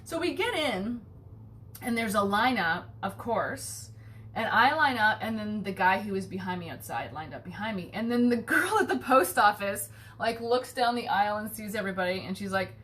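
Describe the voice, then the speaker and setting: A woman's voice: normal speed, a little hiss or hum. A woman, a home baking vlogger, rambles through a casual story and acts out the people in it. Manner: chatty, animated, swears casually, acts out quoted people in a higher voice. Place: home kitchen.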